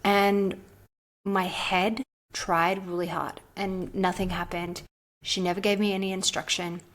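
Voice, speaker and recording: A woman's voice: mid-range voice, a little slow. A woman guest on a podcast, telling a personal story in a casual, chatty way, with lots of "like" fillers. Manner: chatty, frequent "like" fillers, animated retelling.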